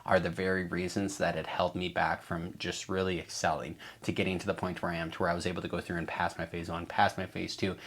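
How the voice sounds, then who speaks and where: A man's voice: low voice, level tone, fast, hardly any pauses, a bit bright. A man giving a casual coaching talk to traders, emphatic and repetitive, swearing freely and acting out a trader's inner voice. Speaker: trading coach.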